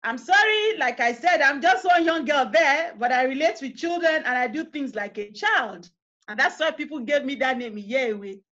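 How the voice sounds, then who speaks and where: High-voiced Nigerian woman coaching parents. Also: normal speed, a bit bright, lo-fi sound. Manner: earnest, questioning, guides listeners through an imagined scene. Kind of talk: online workshop talk. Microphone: video call.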